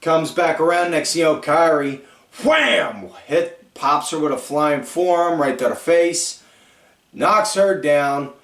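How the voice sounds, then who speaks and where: A man hosting a podcast, rambling through a casual recap with lots of fillers and animated storytelling. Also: on the high side, slow pace. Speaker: podcast host. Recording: echoey room, far from mic.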